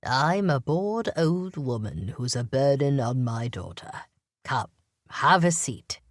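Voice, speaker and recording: A woman reading an audiobook, voicing a frail, sharp-eyed old woman, sick in bed, who teases in a wry, blunt way. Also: rumbling low, big pitch swings, slow pace, dry recording, studio quality, heavily acted. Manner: wry and teasing. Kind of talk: audiobook character voice.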